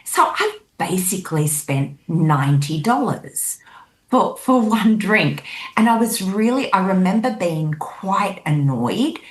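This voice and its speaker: A woman, a guest on a show, recounting a dream in lively storytelling style and acting out the people in it. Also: medium pitch, takes it slowly. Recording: echoey room.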